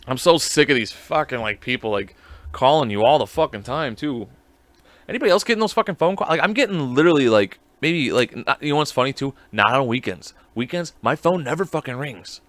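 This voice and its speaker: A man's voice: mid-range voice, lively intonation, a little fast, a bit bright, no room sound. Rambling, profane podcast host man. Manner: rambling, profane, self-mocking. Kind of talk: casual solo chat.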